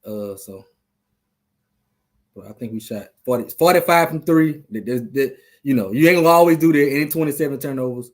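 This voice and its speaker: A man's voice: medium pitch, fairly quick. A man hosting a live sports talk stream, rambling loosely and trash-talking the teams. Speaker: podcast host.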